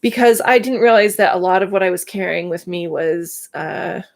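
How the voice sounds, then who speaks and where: Speaking at an ordinary pace with noticeable vocal fry, a thirty-something woman hosts a casual livestream. Her voice is lowish as she candidly and emotionally tells her own story, laughing between thoughts.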